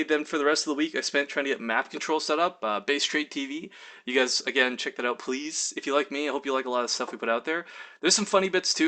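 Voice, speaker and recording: Bright, animated young man vlogging. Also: mid-range voice. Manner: animated, lots of fillers and acted-out quotes. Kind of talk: casual storytelling vlog.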